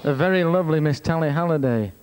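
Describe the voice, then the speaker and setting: A man's voice: fairly high pitch, fast talker, a little mellow, clean tone, faint music behind. A man introducing acts on a theatre stage with cheeky, teasing banter. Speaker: compere. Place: theatre stage, live show.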